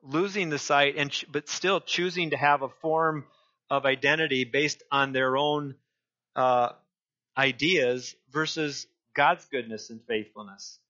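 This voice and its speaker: A male pastor preaching a sermon, deliberate and often repeating and restarting his phrases. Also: mid-range voice, fairly even intonation, sharp tone, dull audio.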